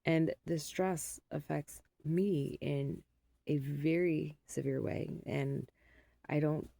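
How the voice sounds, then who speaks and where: A woman's voice: low voice, steady tone, takes it slowly, vocal fry, warm tone, dry recording. A sleep-deprived middle-aged mother rambling through a casual vlog in a weary, unguarded way. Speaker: mother vlogging.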